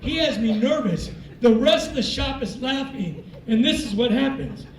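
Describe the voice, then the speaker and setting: Man, motivational speaker, animated storytelling, very high voice, echoey hall. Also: normal speed, recorded from a distance. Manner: animated storytelling, acts out dialogue. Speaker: military speaker. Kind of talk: motivational speech.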